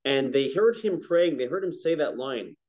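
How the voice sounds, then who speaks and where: Relaxed man teaching a class. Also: mid-range voice. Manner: relaxed, conversational teaching, chants Hebrew verses slowly. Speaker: rabbi teaching a prayer-book class. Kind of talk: Torah class lecture.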